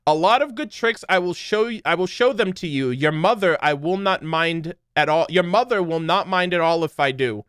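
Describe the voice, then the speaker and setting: A man's voice: sits high, animated, normal speed, few pauses, fairly bright tone, clean tone, no echo, studio quality. A man voicing a sly talking male cat, read aloud casually from a storybook.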